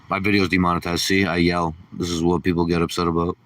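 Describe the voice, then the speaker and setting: A man's voice: low voice, flat delivery, fast talker, hardly any pauses, fairly bright tone, no room sound, distant mic. A man hosting a casual livestream, ranting sarcastically and swearing as he rambles. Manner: sarcastic, profane rambling rant. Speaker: livestream host.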